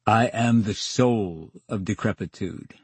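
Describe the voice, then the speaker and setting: A man's voice: lowish voice, slow, a little mellow, slightly rough, no echo. An older man telling stories as a guest in a radio interview, acting out the dialogue with dry wit. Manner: theatrical storyteller, acts out dialogue, wry. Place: radio studio.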